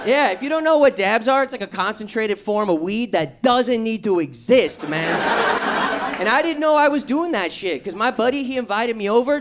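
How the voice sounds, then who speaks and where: A young man doing a stand-up comedy set before a live audience, excitable and swearing, acting out his own panic in a raised voice. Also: sits high, moderate pace, heavy background noise. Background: audience laughter.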